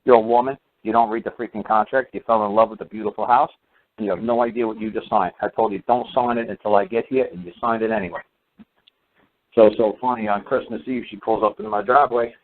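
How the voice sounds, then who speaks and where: A man's voice: fairly low pitch, fairly even intonation, fast talker. A man telling a long story in a casual, rambling way, full of fillers and acted-out quotes. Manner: rambling, many fillers, acts out quoted voices. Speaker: speaker giving recorded teachings. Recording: tinny phone-line sound.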